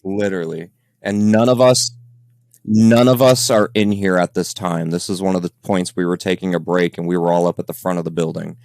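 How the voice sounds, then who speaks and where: A man with a deep, low voice talks through ghost-hunt evidence in a relaxed, rambling podcast chat. He leans on fillers and trails off at times. The sound is dry and close, with no room echo. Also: a little fast, vocal fry. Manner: loose and rambling, with many fillers. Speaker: paranormal investigator reviewing evidence.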